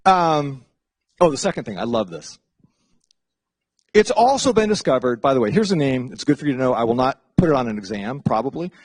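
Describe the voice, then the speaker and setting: Middle-aged man, professor, casual lecture, animated, swooping pitch, dry close sound. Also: fairly quick, no room sound. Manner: chatty, animated, jumps into playful voices for asides. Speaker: psychology professor.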